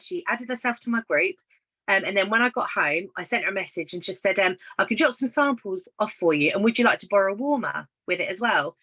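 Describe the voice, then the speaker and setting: A woman chats as a guest on a casual live video call, telling encouraging anecdotes and voicing the people in them. Her voice sits at a middle pitch with a bright, forward tone. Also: low-quality recording. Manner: storytelling, encouraging, acts out quoted dialogue. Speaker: guest business consultant.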